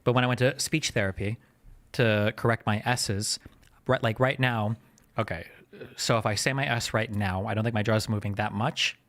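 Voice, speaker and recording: A man chatting on a livestream, talking in a fast, rambling way, with a slight lisp on his s sounds. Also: on the low side, steady tone, fairly bright tone. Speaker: streamer and commentator. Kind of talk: casual chat on a livestream.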